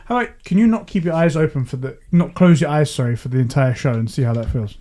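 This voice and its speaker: A man talks casually with a podcast co-host, recapping a show scene by scene. His voice sits fairly high for a man. He is getting over a cough and now and then acts out characters' lines in animated bursts. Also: quick pace. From United Kingdom. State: recovering from a cough. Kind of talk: casual chat recapping a TV episode.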